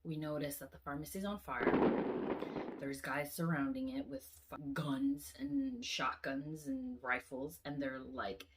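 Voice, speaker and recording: Lively woman retelling a dream. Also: low voice, a little slow. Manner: animated, swears often, acts out quotes. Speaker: vlogger. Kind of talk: casual storytelling of a dream.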